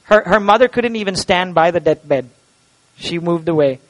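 Male pastor, high voice, impassioned sermon, loud then hushed. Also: normal speed, rough recording. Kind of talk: Easter sermon with closing prayer. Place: church sanctuary.

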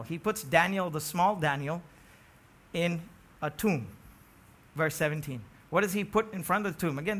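Male preacher, high bright voice, emphatic sermon delivery with swings from quiet to loud, questions thrown to the congregation. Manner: emphatic, rising to near-shouts on key phrases, asks the congregation questions.

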